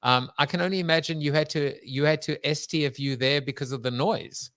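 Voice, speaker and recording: A man's voice: a little high, fairly even intonation, fairly quick, fairly bright tone, no echo. Jokey rambling male podcast host. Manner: rambling, jokey, with fillers and restarts. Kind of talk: conversational interview.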